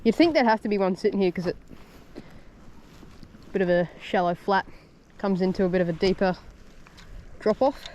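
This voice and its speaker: A young Australian man casually commenting as he fishes outdoors from the shore, laid-back with excitable bursts and slang. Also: sits high, moderate pace, pauses often, a little hiss or hum. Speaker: fishing vlogger. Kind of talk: casual commentary while fishing.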